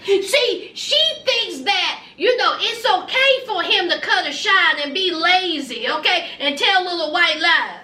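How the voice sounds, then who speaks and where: A woman's voice: very high-pitched, animated, measured pace, pushed and bright, roomy sound, far from the mic. A woman vlogger giving a sassy, gossipy recap of a reality show, talking straight to her viewers.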